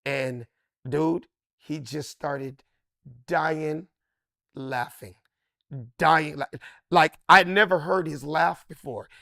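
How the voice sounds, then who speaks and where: A middle-aged man, a comedian, telling a story with excitable swings into loud, high bursts. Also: slow, creaky, pauses often, no echo, studio quality. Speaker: comedian guest. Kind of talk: animated storytelling.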